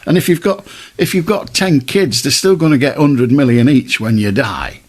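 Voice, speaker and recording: A man's voice: medium pitch, moderate pace. A man hosting a late-night radio phone-in, firm and chatty, talking plainly to callers and musing aloud.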